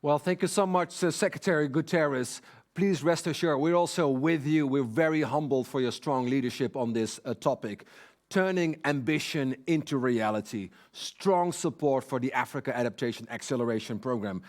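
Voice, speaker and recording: A man's voice: medium pitch, moderate pace. A man moderating a virtual leaders' panel, courteous and using frequent fillers. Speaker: event moderator.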